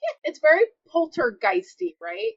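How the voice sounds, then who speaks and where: A woman co-hosting a podcast with excitable, profane reactions in casual chat. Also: very high voice, moderate pace, vocal fry, dry recording. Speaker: podcast co-host. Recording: dull lo-fi mic.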